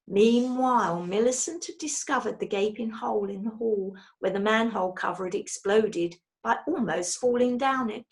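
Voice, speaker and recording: A woman reading a children's storybook aloud in a lively, expressive way. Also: fairly high pitch, normal speed, hardly any pauses. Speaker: storybook reader.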